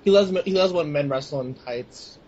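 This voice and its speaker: A man's voice: fairly high pitch, normal speed, a little mellow. A young man trading wisecracks and mumbled asides in a casual chat. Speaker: co-host, joking sidekick. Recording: dull lo-fi home recording with faint hiss.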